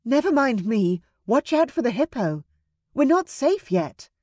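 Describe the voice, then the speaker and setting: A woman voicing a brave, quick-witted young Regency lady in an audiobook. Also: fairly high pitch, big pitch swings, dry recording, studio quality, voice pushed up. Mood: urgent. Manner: urgent, commanding shouts.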